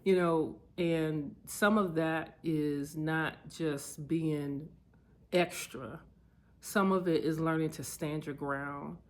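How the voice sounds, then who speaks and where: A woman sharing personal memories in a reflective vlog, candid and heartfelt, getting lively as she tells stories. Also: low-pitched. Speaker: vlogger.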